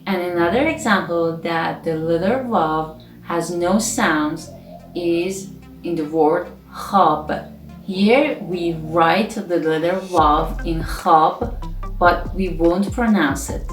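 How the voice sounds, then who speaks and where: A woman whose first language is Persian, teaching the alphabet in English, calmly explaining each letter step by step. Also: lowish voice. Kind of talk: slow, patient alphabet lesson. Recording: echoey room with faint music.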